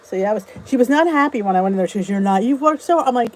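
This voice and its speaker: A woman's voice: a little high, animated, racing, darkish tone, rough recording. A middle-aged American woman hosting a casual livestream from home, chatty and bubbly, greeting viewers and reading their comments. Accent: US English. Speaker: YouTube livestream host. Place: indoors at home. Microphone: phone or camera on a stand.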